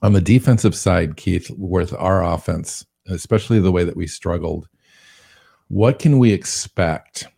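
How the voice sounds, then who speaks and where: A man's voice: low-pitched, a little slow, gravelly, warm tone. A man co-hosting a sports podcast, chatting casually about football and asking his partner questions. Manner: asks questions, cites stats.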